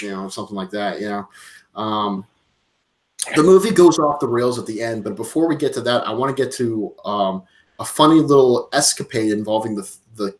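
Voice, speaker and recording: A man co-hosting a podcast, retelling a film in a casual, profane way, acting out lines and laughing often. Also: mid-range voice. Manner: animated, profane storytelling with acted-out quotes and laughs. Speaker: podcast co-host. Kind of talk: casual movie review chat.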